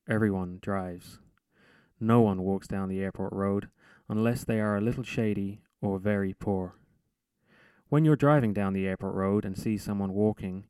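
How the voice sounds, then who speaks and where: A man reading his own short story aloud in a measured, deadpan narration. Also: lowish voice, clear, resonant tone, no echo. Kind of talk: literary reading.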